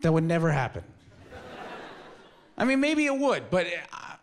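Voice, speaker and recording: A man's voice: a little high, sing-song, moderate pace. A man in his twenties doing a stand-up comedy set on a club stage, talking in a casual, rambling, self-mocking way into a handheld mic. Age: 20s.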